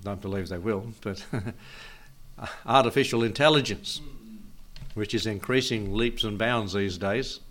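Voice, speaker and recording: An older man preaching a Bible teaching sermon in a folksy way, chuckling often and asking his listeners questions. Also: lowish voice.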